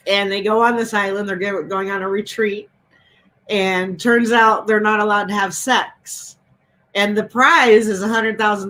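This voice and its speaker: A woman's voice: medium pitch, fairly bright tone, poor audio. A woman hosting a casual chat over a video call, telling stories with a lot of laughter. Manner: chatty, laughing storyteller. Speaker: host.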